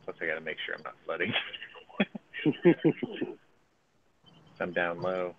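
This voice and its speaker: A man's voice: low voice, flat delivery, fast, muffled recording, background noise. A man giving casual, profane live commentary on his own gameplay, thinking aloud as he plays. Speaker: gaming streamer.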